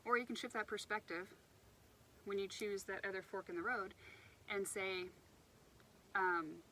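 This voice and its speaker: A woman's voice: medium pitch, steady tone, measured pace, bright, forceful tone, slight background noise, low-quality recording. A woman giving an unscripted motivational talk outdoors by the water, rambling a little and restarting her sentences as she goes. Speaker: self-help speaker.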